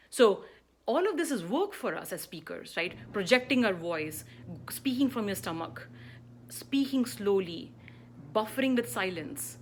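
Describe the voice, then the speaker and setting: A middle-aged woman teaching public speaking in an emphatic coaching voice. She lands her points firmly and keeps tagging them with a quick "right?" to her listeners. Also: fairly low pitch, slight background noise. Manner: emphatic, with frequent rhetorical "right?" checks.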